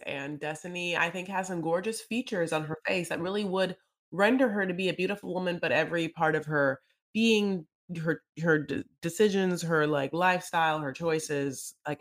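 A woman co-hosting a casual podcast, recapping reality TV with lots of filler words and quick asides. She keeps slipping into voices to act out the people in each scene. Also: on the low side. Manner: animated, acts out scenes in voices. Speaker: podcast co-host.

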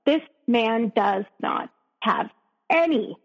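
A woman, a podcast guest, recounting her own story in an emotional, halting way full of restarts. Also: a little high, lively intonation, gravelly. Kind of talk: personal storytelling. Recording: dull, echoey recording.

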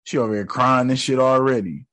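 A man's voice: medium pitch, a little fast, a bit bright, no echo. A young man giving a casual, joking recap of a show episode, full of slang and profanity.

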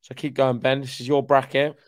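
A man's voice: medium pitch, level tone, a little fast, no echo, clean studio sound. A man co-hosting a tennis podcast, laid-back and casual, reading out chat comments and correcting his own slips. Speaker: podcast co-host.

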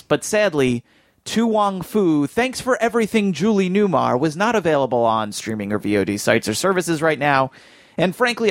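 Brief: jokey male podcast host, a touch high, close and dry. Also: no room sound. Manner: jokey, playful. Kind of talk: casual film podcast chat.

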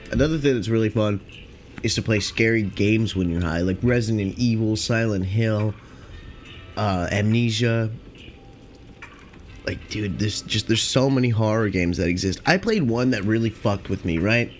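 A young man hosting a podcast, rambling casually and profanely with lots of filler, and high on cannabis. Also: moderate pace, faint music behind. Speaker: podcast host.

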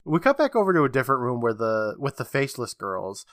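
A man's voice: mid-range voice, sing-song, quick pace, fairly bright tone, dry recording, studio quality. A man co-hosting a casual podcast, recapping episodes with a chatty manner, acting out quotes and laughing often.

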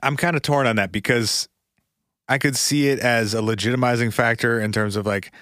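Man in mid pitch, steady and analytical, podcast co-host, dry close recording. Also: no room sound. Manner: measured, reasoning aloud. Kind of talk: casual chat.

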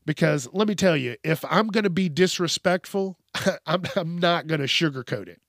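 A man's voice: on the high side, lively intonation, moderate pace, fairly bright tone, dry recording, clean studio sound. A man hosting a news commentary show, ranting in a profane, mocking way about news stories. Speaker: host.

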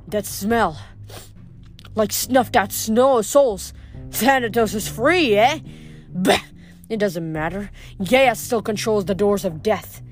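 A woman reading aloud voices a boastful, brutish male giant with a slow, growling, mocking delivery. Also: mid-range voice, faint music behind, natural voice. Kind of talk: audiobook character voice.

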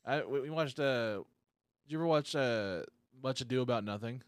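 A man's voice: mid-range voice, moderate pace, clean tone, no room sound, studio quality. A man hosting a casual comedy podcast, talking in a loose, rambling, profane way. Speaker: podcast host.

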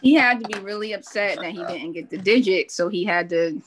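A woman's voice: mid-range voice, brisk, slight background noise. A woman co-hosting a podcast, telling a funny story in a casual way and laughing as she goes.

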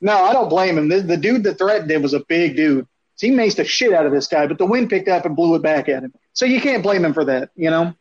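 A man casually telling a long, profane story, animated and acting out what people said. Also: a little high, fast talker. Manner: animated, profane, acts out quotes. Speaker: storyteller on a podcast. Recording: dull lo-fi sound.

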